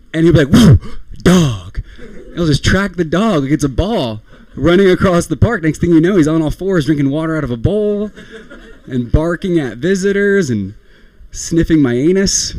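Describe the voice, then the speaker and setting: Lively young man doing stand-up. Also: fairly high pitch, dry recording. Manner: rambling, self-deprecating, laughs at own jokes. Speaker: stand-up comedian. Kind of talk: stand-up comedy set.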